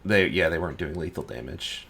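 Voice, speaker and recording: Game master, man, very low voice, easygoing and self-mocking. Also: fairly quick, gravelly, breathy edge. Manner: relaxed, self-deprecating, counts out movement aloud. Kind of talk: running a tabletop game over voice chat.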